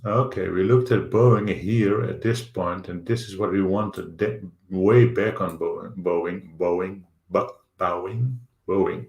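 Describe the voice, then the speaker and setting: Low, slow Dutch-accented man. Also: creaky, a little mellow, echoey room. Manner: thinks aloud, halting with fillers. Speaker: stock market show host. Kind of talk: live trading chart commentary.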